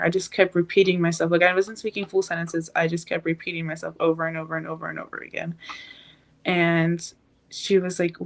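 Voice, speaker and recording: An eighteen-year-old woman, a podcast guest, telling a painful personal story in a halting, emotional way. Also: on the low side, level tone.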